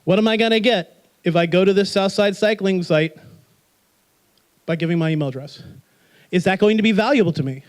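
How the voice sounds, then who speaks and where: A man giving a live marketing workshop, energetic and joking, quizzing the audience with rhetorical questions. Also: high voice, fairly quick, long pauses.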